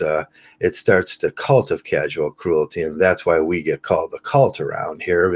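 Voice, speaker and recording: A man talking casually to camera in a rambling, halting way, full of fillers and restarts. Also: low-pitched, a little mellow. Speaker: channel host.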